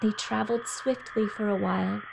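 A woman narrating a children's story in a gentle, clear storybook reading. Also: mid-range voice, steady tone, normal speed, background noise.

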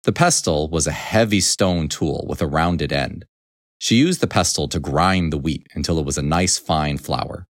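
A man reading a children's storybook aloud in an expressive, animated way. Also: very deep voice, normal speed, no room sound, studio quality.

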